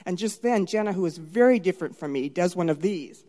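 On stage in a large hall, a middle-aged woman with a lowish voice tells a personal story a little fast. She's animated and dramatic, swinging from hushed asides to shouted lines.

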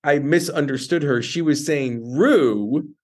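A man's voice: a little high, unhurried. A man hosting an interview podcast, telling a personal story in a casual way with many restarts. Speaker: podcast host.

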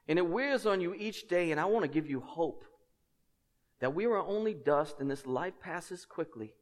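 Pastor preaching in a reverberant hall. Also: male voice, a little high. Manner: lively storyteller with humorous asides, swinging from loud to hushed. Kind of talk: sermon.

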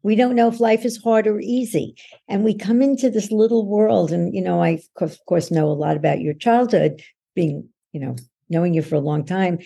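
A woman's voice: mid-range voice, moderate pace, gravelly, warm tone, slightly rough. A woman guest on a podcast, a coach who explains how beliefs form in a patient, instructive way and acts out everyday voices to make her points. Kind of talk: explanatory interview answer.

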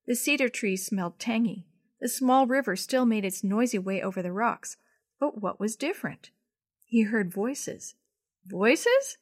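Expressive woman reading to children. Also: fairly high pitch, normal speed, dry recording, clean studio sound. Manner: gentle, expressive read-aloud. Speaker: children's storyteller. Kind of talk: reading a chapter book aloud to children.

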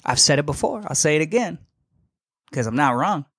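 A young man hosting a podcast, telling a story in a casual, animated and slangy way, emphatic and full of asides. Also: on the high side, brisk, husky, no room sound, clean studio sound. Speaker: podcast host.

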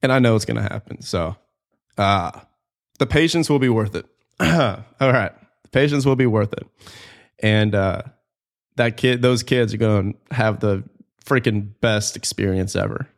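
A man in his late twenties hosting a podcast, talking candidly and earnestly about his life, with casual fillers and swearing, close to tears at times. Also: fairly low pitch. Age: 20s. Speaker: podcast host. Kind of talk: personal reflective monologue.

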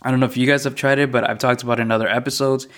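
A young man hosting a solo podcast, talking through his thoughts in a mostly monotone, reflective way, often repeating questions. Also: medium pitch, very fast. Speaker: podcast host.

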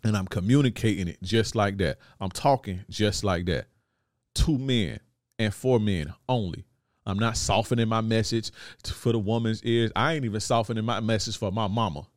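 A man's voice: lowish voice, moderate pace, no room sound, studio quality. A man hosting a podcast, talking to listeners in a blunt, slangy, profane monologue and often asking if they follow. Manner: blunt, repeats "you see what I'm saying". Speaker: podcast host.

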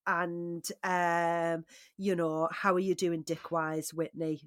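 A woman co-hosting a podcast, chatting casually in a recap, swinging between loud exclaims and quiet asides. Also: fairly low pitch, flat delivery, slow pace, dry recording, studio quality. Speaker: podcast co-host.

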